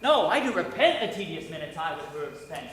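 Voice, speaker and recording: A man's voice: on the high side, sing-song, fairly quick, a bit bright. A young man playing an ardent young lover, declaiming verse earnestly on stage in an echoey hall, heard from a distance. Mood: passionate. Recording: echoey hall from far off, with noise.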